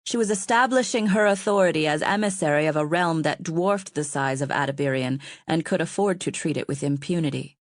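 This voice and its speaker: A woman narrating an audiobook in a steady, even storytelling manner. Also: sits low, brisk, few pauses, no echo, clean studio sound.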